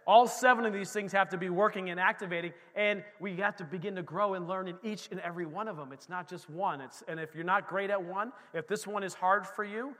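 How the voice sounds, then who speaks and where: A man preaching from the pulpit with a high, bright voice. He drops into hushed asides, then rises to shouted calls to the congregation. The sound carries a long church reverb. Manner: swings from quiet asides to shouted exhortation. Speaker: pastor. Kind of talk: sermon. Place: church sanctuary during a service.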